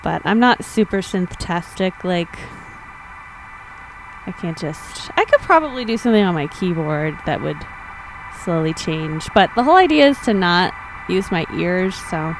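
A woman musician from the American South, though without a regional accent, hosts a livestream in a low, very animated, slightly slow voice; the low-quality recording has a little hiss or hum. Between songs she chats casually, rambling thoughtfully with lots of fillers and reading out viewer comments.

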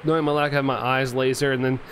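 A man's voice: mid-range voice, level tone, fast talker, a bit bright, slight background noise. A young man chatting casually as a game streamer, rambling with lots of fillers and often laughing. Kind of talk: casual chat while playing, reading chat.

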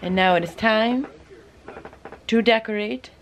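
A woman's voice: fairly high pitch, unhurried, a little hiss or hum, low-quality recording. A woman chatting casually in a home vlog, explaining what she is doing as she goes. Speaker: vlogger cohost. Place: home kitchen and living room.

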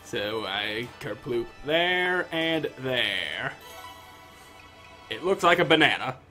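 A man's voice: mid-range voice, big pitch swings, slow pace, pushed and bright, soft background music. A man giving casual, sarcastic commentary while playing through a video game. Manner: sarcastic, joking asides. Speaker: gamer commentator.

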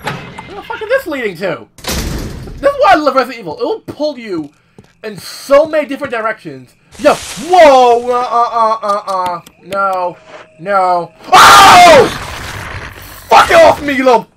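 A man giving profane, jumpy let's-play commentary, yelling at the game as he plays. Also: extremely high pitch, big pitch swings, unhurried, noisy background. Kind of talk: gameplay commentary.

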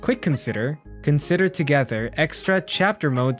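A man's voice: high voice, animated, fairly quick, few pauses, soft background music. A man streaming a video game, chatting casually with playful reactions and frequent laughter.

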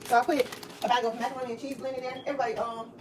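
A woman's voice: on the high side, racing. A woman hosting a casual home cooking vlog, chatty and joking, laughing at her own jokes. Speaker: cooking show host. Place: home kitchen. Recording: distant mic with steady background noise.

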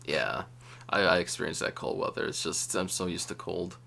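A young man from Wisconsin hosting a casual podcast chat, loose and jokey and quick to laugh. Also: low voice, gravelly, bright, forceful tone. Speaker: podcast host.

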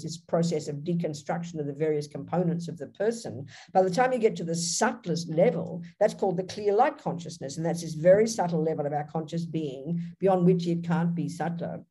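An Australian woman teaching Buddhism over a video call, explaining directly and with animation. Her voice sits a little low, with a mellow, husky tone. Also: lively intonation, fairly quick, hardly any pauses. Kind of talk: dharma teaching with Q&A.

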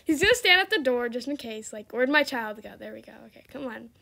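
A woman's voice: fairly high pitch, expressive, fast talker, vocal fry, pushed and bright. A young woman giving casual, dramatic gameplay commentary, laughing often and exclaiming. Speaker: gaming video creator.

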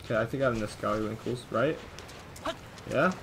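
A man's voice: medium pitch, brisk, background noise. A man hosting a let's play, talking through casual gameplay commentary and mumbling to himself as he reads game text aloud.

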